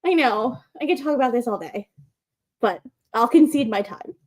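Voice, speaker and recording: A woman's voice: on the high side, normal speed. A woman co-hosting a wrestling talk show, gushing and telling stories with lots of fillers. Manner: gushing, animated storytelling with many fillers. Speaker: podcast co-host. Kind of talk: casual chat.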